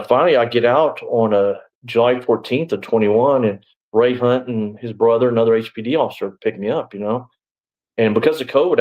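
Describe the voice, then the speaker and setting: Rambling man, low voice. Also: darkish tone, rough recording. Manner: rambling, frequent "you know" and restarts, blunt language. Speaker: interview guest, former sheriff's deputy. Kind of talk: casual storytelling interview.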